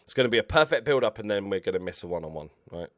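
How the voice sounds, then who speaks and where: A man commentating over his own football management game, excitable and swearing at his players. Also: lowish voice, rapid-fire, no echo, studio quality. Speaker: gaming YouTuber. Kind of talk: Let's Play commentary.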